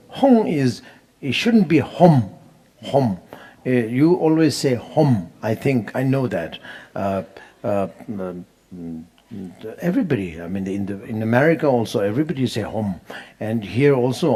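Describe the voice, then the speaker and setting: A man, teaching how to pronounce mantras in an unhurried, laughing way, chanting them as he goes. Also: mid-range voice, big pitch swings, vocal fry, dark tone, breathy edge. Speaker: Buddhist teacher. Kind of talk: dharma teaching on mantra pronunciation.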